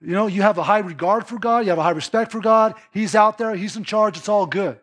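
A man preaching a sermon, lively and emphatic, acting out quoted voices and dropping to a hush for emphasis. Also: sits high, fairly quick. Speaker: pastor.

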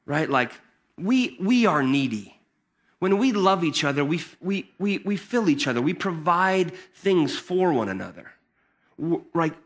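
A pastor preaching a sermon in a conversational, emphatic way. He often restarts his phrases and builds into excited bursts. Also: on the high side, a little slow. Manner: conversational and emphatic, with many repeated starts and a rising, excited delivery.

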